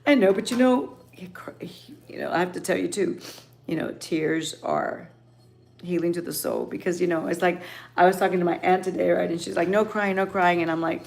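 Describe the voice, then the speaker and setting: A middle-aged woman from Texas hosting a livestream, talking emotionally and haltingly to her viewers with many restarts. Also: fairly low pitch, little pitch movement, vocal fry, darkish tone. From Texas, Rio Grande Valley. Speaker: livestream host. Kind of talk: casual chat with viewers.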